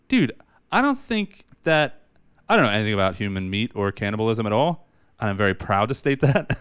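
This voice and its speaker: A man's voice: fairly low pitch, expressive, quick pace, a bit bright, clear, resonant tone, no echo, clean studio sound. A man co-hosting a podcast in casual chat, rambling through stories and laughing often. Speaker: podcast co-host.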